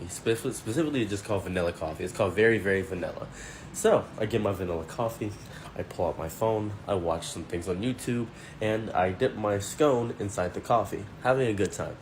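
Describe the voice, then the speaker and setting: A man tells a first-person story in a blunt, indignant, conversational way. His voice sits a bit low, with a faint background noise under it. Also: brisk, a little mellow.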